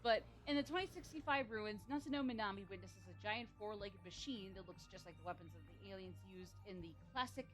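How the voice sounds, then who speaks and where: A woman's voice: medium pitch, a little fast, few pauses, fairly bright tone, faint music behind. A woman streaming a video game, chatting casually with rambling asides and frequent laughter.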